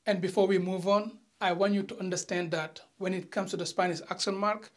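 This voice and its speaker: A teacher giving an online lesson, talking straight to viewers with light teasing and reading example sentences slowly and carefully. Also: medium pitch, fairly even intonation. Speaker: language teacher.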